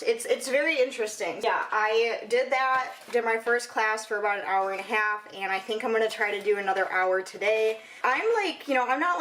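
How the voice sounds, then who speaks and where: A woman's voice: a little high, a bit bright, a little hiss or hum, poor audio. A young woman from Michigan with a Michigan American accent, rambling chattily through a casual home vlog with lots of "like" and "you know". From Michigan, USA. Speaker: vlogger.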